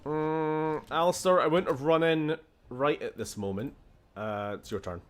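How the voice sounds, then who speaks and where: A man's voice: on the high side, measured pace, slight background noise. A man with a Scottish accent chatting casually and swearing while streaming a game. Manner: chatty, swears, laughs often, shifts tone a lot. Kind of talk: casual gameplay commentary.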